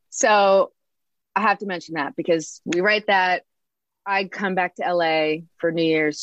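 A woman in her thirties from the United States tells a winding story as an interview guest, filling it with "like" and acting out each quoted line. Her voice sits a bit low. The recording is dry and a little dull, with no room sound. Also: no room sound. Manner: animated, acts out quotes, lots of "like". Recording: dry, slightly muffled studio sound.

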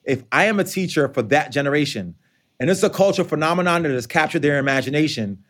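A man, an author and educator, answering interview questions in a lively conversational way, acting out quoted lines. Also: a little high, fast. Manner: animated, conversational, acts out quotes.

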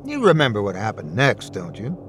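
A man's voice: lowish voice, wildly swooping pitch, fairly quick, slight background noise, voice pushed down. A man voicing a sinister, ageless male boogeyman who taunts with mocking glee. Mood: taunting. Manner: mocking, relishing cruelty.

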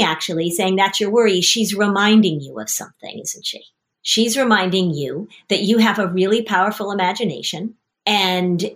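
A woman hosting as a parenting coach, guiding a mother and child with animated stories and acted-out quotes. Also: mid-range voice. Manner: animated storytelling, acting out quoted voices. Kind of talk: coaching conversation.

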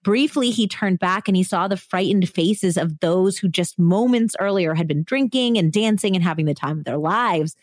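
A woman's voice: lowish voice, normal speed, hardly any pauses, dry recording, studio quality. A woman hosting a podcast, recounting a true crime story in a casual, chatty way full of "like" and "you know". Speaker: podcast host.

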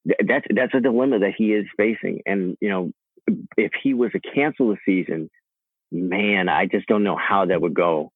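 A man's voice: sits low, normal speed, husky, no echo. A man co-hosting a casual sports podcast, talking in an easygoing, thoughtful way with lots of "you know"s. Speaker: podcast co-host. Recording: tinny phone-like line.

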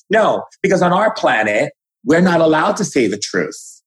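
A man's voice: fairly high pitch, big pitch swings, moderate pace, poor audio. A man speaking as a spiritual guide in an impassioned, preachy way, acting out quoted conversations.

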